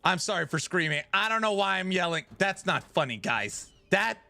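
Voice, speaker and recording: A man's voice: high voice, animated, moderate pace, bright, forceful tone, faint music behind. A man streaming a game build, chatting casually with his viewers in a self-mocking, talk-back way. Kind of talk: casual live-stream chat while gaming.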